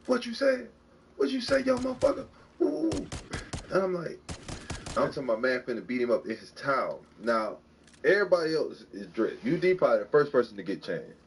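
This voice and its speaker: A man telling a story in a casual, animated way, jumping into high voices to act out what others said. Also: a little hiss or hum. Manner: animated, acts out quotes with big pitch jumps. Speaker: podcast guest telling a story.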